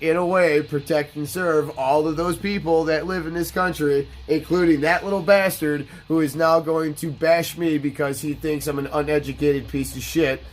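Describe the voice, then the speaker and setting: A man with a fairly high voice tells his stories bluntly, swearing freely and sounding boastful. Faint game music plays quietly behind him. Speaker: gaming channel host. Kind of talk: casual storytelling over gameplay.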